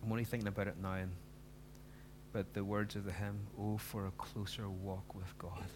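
Guy preaching, lowish voice, earnest and pleading, faint hum behind. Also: little pitch movement, moderate pace. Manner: earnest, pleading, rising to emphatic questions. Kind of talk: sermon.

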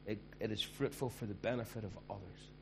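A man's voice: fairly low pitch, steady tone, a little fast, noisy background. A man preaching a sermon as pastor, conversational and emphatic.

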